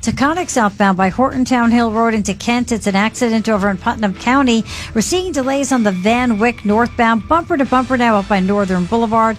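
A woman delivering a radio traffic report, briskly listing roads and delays in a crisp, rapid, scripted delivery. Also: on the high side. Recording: faint music bed under the voice.

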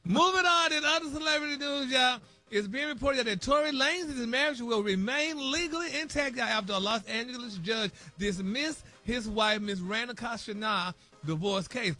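A man with a high, bright voice delivers celebrity gossip on a morning radio show. He reads dramatically and drops "y'all" and "honey" into nearly every line. Soft music plays under him in the studio. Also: normal speed, hardly any pauses.

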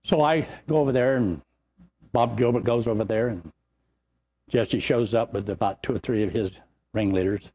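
An older man preaching as a pastor, telling rambling, folksy stories in an animated way. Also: lowish voice, normal speed. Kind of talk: sermon with storytelling.

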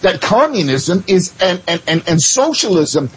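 A man's voice: high voice, very animated, unhurried, a little hiss or hum. A man from Canada, a fellow radio host, chatting playfully and stammering over his words. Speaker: radio show host, guest. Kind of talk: casual radio banter.

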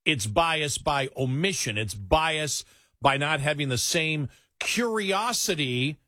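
A middle-aged man, a talk host, speaking bluntly and emphatically in casual political chat, often halting on fillers. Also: a little high, animated, sharp tone, no echo, studio quality.

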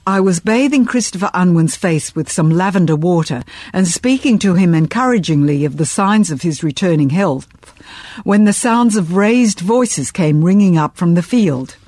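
A woman reading a first-person historical novel aloud in measured, expressive audiobook narration. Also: fairly low pitch, dry recording.

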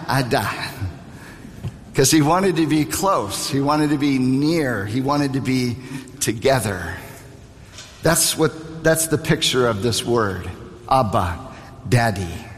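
Slow, emphatic preaching man in a reverberant hall. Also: mid-range voice. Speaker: pastor. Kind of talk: sermon.

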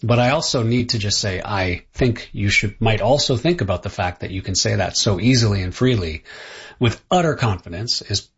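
A man's voice: fairly low pitch, normal speed, a bit bright, slightly rough. A middle-aged Canadian man, an author being interviewed, speaking thoughtfully and often restarting his sentences. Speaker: author and guest. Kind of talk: interview conversation. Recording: dull lo-fi sound.

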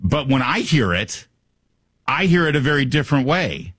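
A man's voice: mid-range voice, big pitch swings, normal speed, a bit bright, husky, dry recording. A man hosting a talk radio show, speaking into a studio microphone in a sarcastic, opinionated monologue full of rhetorical questions.

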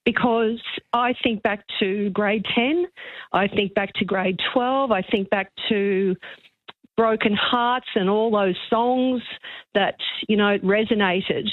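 A woman's voice: medium pitch, fairly even intonation, no echo. An older woman phones in to talk radio, her voice thin and tinny down a dry phone line. She is moved, and her chatty story keeps stopping and starting. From Australia. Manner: chatty, halting, with many restarts. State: emotional. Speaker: caller, magazine journalist. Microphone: telephone.

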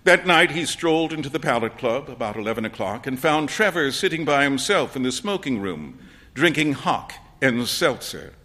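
A man reading a story aloud as narrator, expressive and acting out the dialogue. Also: mid-range voice, normal speed.

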